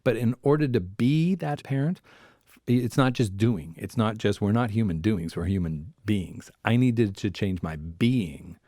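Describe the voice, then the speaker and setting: A man's voice: lowish voice, a little slow, warm tone, dry recording, clean studio sound. A man, a family therapist, telling personal stories on a podcast in a reflective way and acting out voices within them. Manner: reflective, acts out inner voices in his stories. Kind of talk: conversational podcast storytelling.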